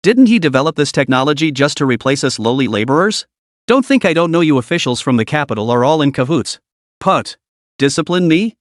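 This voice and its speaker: A man's voice: on the high side, expressive, fairly quick, no echo, clean studio sound, lightly acted. A man voicing an agitated, distrustful male laborer who talks in a heated, bitter way.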